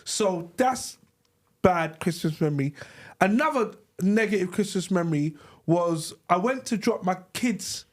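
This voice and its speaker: A man, a podcast co-host telling lively, laughing stories in casual slang. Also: sits high, measured pace. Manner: animated, laughing storyteller with slang. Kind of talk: casual storytelling with friends. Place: live podcast studio.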